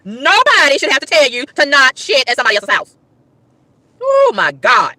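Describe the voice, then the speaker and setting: A woman ranting to her livestream chat, emphatic and exasperated, with loud whoops. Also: high voice, wildly swooping pitch, a little fast, long pauses, no room sound. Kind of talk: casual livestream rant.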